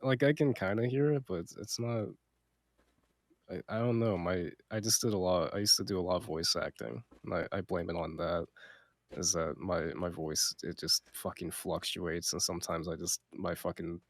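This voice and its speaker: A man with a very low, deep voice, talking in a laid-back, self-mocking way on a voice call. His sound is close and dry, with no room around it. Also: normal speed, dry recording. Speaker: guest, server admin. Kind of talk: casual chat.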